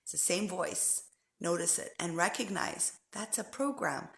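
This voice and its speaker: A woman speaking as a spiritual life coach in a heartfelt, conversational monologue, often repeating phrases and sometimes dropping to a soft, hushed tone. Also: on the low side, animated, a little slow, gravelly, reverberant.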